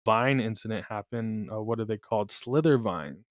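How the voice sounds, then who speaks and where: A man's voice: fairly low pitch, normal speed, no echo, studio quality. A man co-hosting a podcast in casual chat. He is laid-back, laughs often and swears casually. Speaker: podcast co-host.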